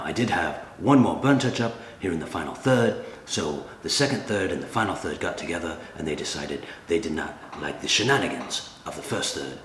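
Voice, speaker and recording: Deep-voiced deadpan male reviewer. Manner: dry, deadpan humor. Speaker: cigar reviewer, channel host. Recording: echoey room with faint ambient noise.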